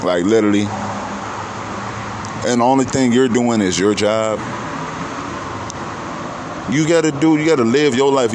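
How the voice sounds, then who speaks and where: A man's voice: on the low side, background noise. A man talking in a casual, profane, rambling monologue, preaching his views.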